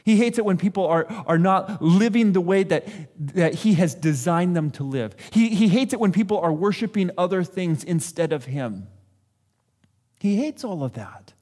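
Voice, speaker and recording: Male pastor, high and animated voice, chatty sermon delivery with acted-out asides. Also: normal speed. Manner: conversational, self-deprecating preaching with acted-out quotes.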